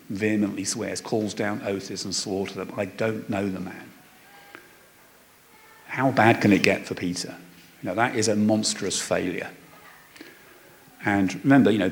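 A man's voice: lowish voice, creaky, slight background noise. A man preaching a sermon in a conversational way, reading scripture and explaining it with frequent fillers and restarts. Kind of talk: sermon, Bible teaching.

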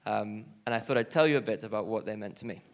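A young man shares an earnest personal testimony during a church talk, his voice climbing with emotion whenever he presses a key point. His voice is gravelly and fairly low, and he talks fast.

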